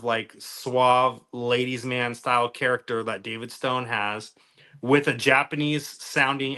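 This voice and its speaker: A man's voice: mid-range voice, bright, forceful tone, smooth. A man co-hosting a magic podcast, talking in a rambling, casual way with lots of fillers and trailing off at the ends of thoughts. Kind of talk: casual chat.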